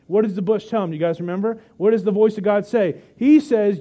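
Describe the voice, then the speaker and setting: Here a high, dark-toned male voice delivers a sermon, chatting and joking with the congregation like a conversation. The pastor retells scripture as a vivid story, using dramatic pauses.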